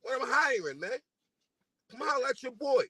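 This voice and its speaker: A man's voice: very high voice, sing-song, moderate pace, sharp tone, slightly rough, no echo. A man from New delivering a casual, profane diss rant at a rival, taunting and repeating himself.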